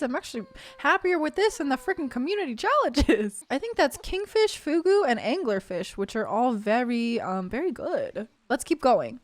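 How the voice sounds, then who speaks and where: A woman giving casual, excitable gameplay commentary, chatting to viewers and reading game text aloud. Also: high-pitched, normal speed, hardly any pauses. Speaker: gaming video creator.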